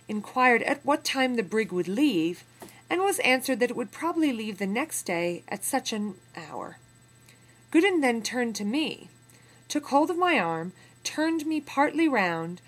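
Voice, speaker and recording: Woman reading aloud with casual asides. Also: medium pitch. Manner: clear reading, then relaxed asides with fillers. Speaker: teacher reading a memoir aloud.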